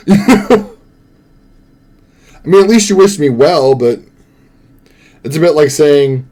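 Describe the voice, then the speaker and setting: Chatty streamer man, lively voice. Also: medium pitch, a little slow, long pauses. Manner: rambling, chatty, sings along and laughs often. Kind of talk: casual live-stream chat.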